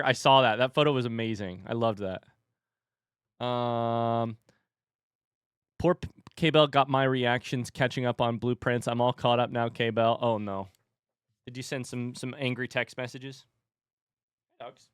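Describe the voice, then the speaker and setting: A man rambles casually to his livestream chat and reads viewer messages aloud, talking into a desk microphone. His voice is smooth and mid-pitched, and the sound is dry and close. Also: steady tone, a little slow, long pauses, a bit bright, no room sound.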